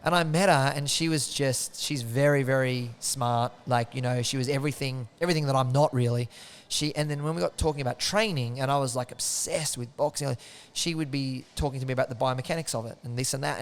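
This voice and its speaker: A man, an interview guest and martial arts coach, telling stories in a lively, laughing way and acting out quoted lines. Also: mid-range voice, brisk, few pauses. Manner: animated storyteller, acts out quoted lines, laughs often. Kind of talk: casual interview conversation.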